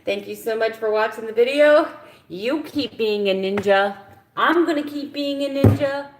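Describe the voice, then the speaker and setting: A woman, ranting passionately and bluntly as she talks to her viewers on a casual live stream. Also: medium pitch. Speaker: keto vlogger on a live stream. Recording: echoey room.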